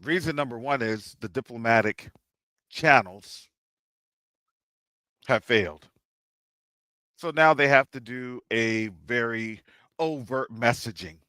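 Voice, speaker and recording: A man's voice: mid-range voice, takes it slowly, long pauses, sharp tone, clean tone, dry recording. A man hosting a discussion show, giving political commentary with a run of rhetorical questions. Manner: rhetorical, repeats questions, drops into asides. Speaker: show host.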